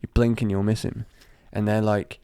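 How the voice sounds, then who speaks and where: A man's voice: on the low side, level tone, moderate pace, dark tone, clear, resonant tone, no room sound, clean studio sound. A man co-hosting a podcast, laid-back and sweary, calling his friend mate. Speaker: podcast co-host. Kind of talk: casual chat.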